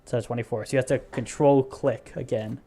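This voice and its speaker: A man's voice: mid-range voice, fairly even intonation, brisk, warm tone, soft background music. A young man casually commentating his strategy game, thinking aloud and explaining as he clicks, often correcting himself. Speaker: gaming video host.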